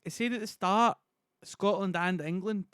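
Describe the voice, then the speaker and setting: A male streamer with a high voice, chatting casually between readings. He swears freely and argues with his chat in exasperation, and the sound is close and dry. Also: normal speed, fairly bright tone, smooth, no room sound.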